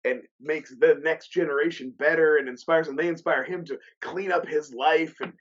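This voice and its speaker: A man's voice: on the high side, steady tone, normal speed. A man co-hosting a podcast, chatting loosely and breaking off his own sentences in casual chat. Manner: chatty, loose, self-interrupting. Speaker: podcast co-host. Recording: muffled lo-fi podcast audio.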